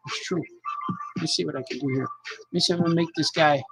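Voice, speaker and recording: A man's voice: a little high, fairly even intonation, quick pace, gravelly. A cartoonist chatting casually on a live stream as he draws, muttering and joking with his viewers. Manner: mutters along while drawing, joking with chat. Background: music.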